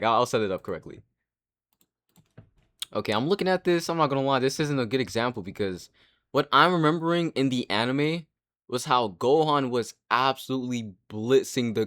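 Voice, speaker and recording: A young man giving casual commentary, rambling and excitable, with frequent restarts and casual swearing. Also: medium pitch. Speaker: anime commentary creator.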